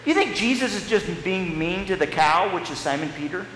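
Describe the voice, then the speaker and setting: A pastor guides children through a story during a live-streamed children's message, pausing and restarting playfully in the echoing church hall. His voice is high and a bit bright, with lively intonation and a fairly quick pace, plus slight hiss or hum.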